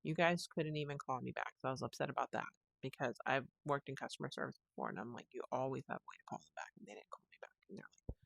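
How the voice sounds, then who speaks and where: Woman podcast host, casual rambling monologue, gravelly fry, dead-dry close sound. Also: a bass voice, fast, no echo. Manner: rambling, restarts sentences, retells phone calls.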